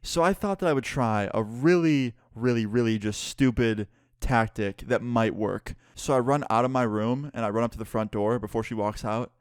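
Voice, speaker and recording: A man's voice: medium pitch, normal speed, clean tone, dry recording, clean studio sound. A young man casually retelling a personal story for his channel, candid and cursing freely. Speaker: YouTuber.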